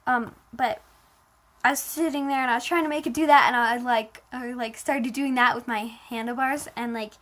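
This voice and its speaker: A woman tells a personal story in a casual, emotional way, her voice sitting a little high. She piles on filler words and plays up the dramatic moments as she goes. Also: fairly even intonation, moderate pace, a bit bright.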